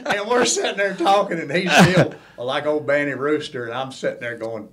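An older man, telling animated, folksy stories as a guest in a podcast interview. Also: a little high, normal speed. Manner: folksy, animated storyteller who acts out quoted voices. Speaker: interview guest, former crew chief.

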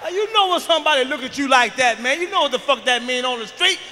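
A man performing a profane stand-up comedy routine, shouting and ranting through his stories. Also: very high voice, expressive, quick pace. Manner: profane, shouting, fired-up storytelling. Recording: live hall reverb, faint background noise.

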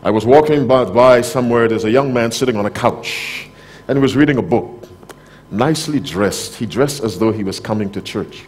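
Direct preacher, man, loud then soft. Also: medium pitch, lively intonation, normal speed. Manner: direct, questions the audience. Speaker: pastor. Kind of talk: sermon. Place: conference hall, live audience.

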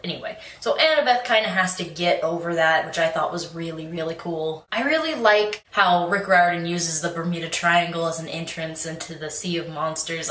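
In an echoey room and far from the microphone, a young book vlogger talks about books in a bubbly, rambling way, laughing and restarting often. Her voice is on the low side with a fairly bright tone, and a slight hiss or hum runs underneath.

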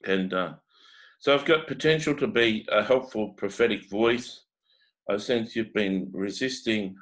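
A man with a New Zealand accent giving a halting, unscripted prophetic reading, full of pauses and fillers. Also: on the low side, a bit bright, rough recording. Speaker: prophetic teacher.

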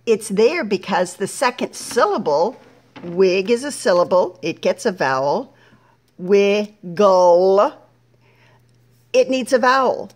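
A middle-aged woman teaching a patient, slow phonics lesson to young children, splitting each word into syllables. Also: mid-range voice, lively intonation.

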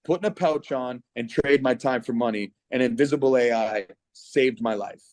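A man's voice: medium pitch, moderate pace, a little mellow. A middle-aged man from Canada giving an earnest, persuasive personal testimonial on a video call. His voice catches with emotion as he speaks.

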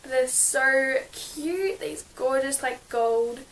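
A woman's voice: sits high, slow, a bit bright, a little hiss or hum, rough recording. A young woman vlogging from her bedroom, gushing and chatty with lots of fillers as she shows her birthday gifts. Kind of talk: casual birthday haul vlog.

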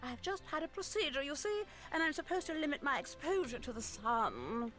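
A woman's voice: sits high, very animated, fairly quick, sharp tone, heavily acted. An actress voicing a bossy, pampered woman resort guest in a game, haughty and demanding. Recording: game audio under music.

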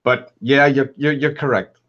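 A man's voice: mid-range voice, steady tone, moderate pace, dull audio. A man from the Netherlands with a Dutch accent, joking around in a casual group chat.

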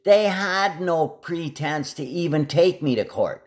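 A man's voice: a little high, measured pace. A man delivering a rambling, agitated monologue to camera, jumping from one topic to the next.

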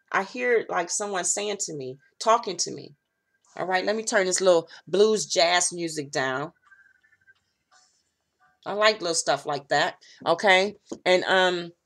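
A woman's voice: mid-range voice, a bit bright. A woman doing a casual tarot reading for her viewers, blunt and profane, checking in constantly with "all right?" and "okay?". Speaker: tarot reader.

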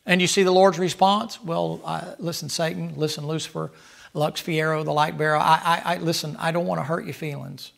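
A man preaching a Bible study with a gravelly, fry-edged voice pitched a touch high for a man. He hammers points with rhetorical questions, rising loud and then dropping soft. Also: steady tone, brisk. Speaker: pastor.

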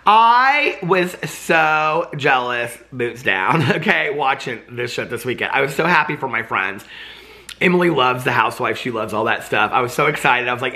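A man's voice: medium pitch, pushed and bright. A man vlogging about reality TV in a casual, gossipy and dramatic way, full of asides like "like" and "okay". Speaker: TV commentary vlogger. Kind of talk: casual gossipy chat to camera.

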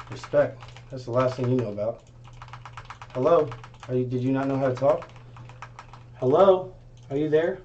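A man's voice: medium pitch, normal speed, long pauses, dark tone, dull audio, slight background noise. A man livestreaming, trading brash, profane taunts and repeating his jabs. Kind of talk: heated livestream argument.

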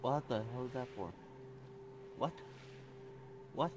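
Male let's-play gamer, mid-pitched, excitable, swears often, faint game sounds underneath. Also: takes it slowly, slight background noise. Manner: excitable, swears and yells at enemies. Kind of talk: blind playthrough commentary.

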